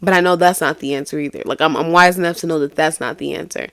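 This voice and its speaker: A woman's voice: deep voice, steady tone, fast, gravelly, fairly bright tone, no echo, clean studio sound. A young woman hosting a faith-based podcast, telling a personal story in an earnest, confessional way, often restarting her sentences. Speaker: podcast host.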